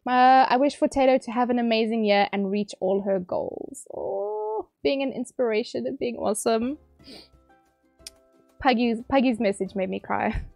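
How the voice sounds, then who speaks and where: A woman streamer reading out viewer messages on a livestream, teary and emotional, bubbly and quick to laugh. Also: fairly high pitch, creaky, a little mellow, no echo, faint music behind.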